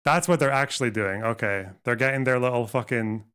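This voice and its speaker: A man reacting live on stream, answering a video with sarcasm and a lot of swearing. His voice sits at an ordinary middle pitch. He sounds scornful and combative. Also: fairly quick, a bit bright, clear, resonant tone.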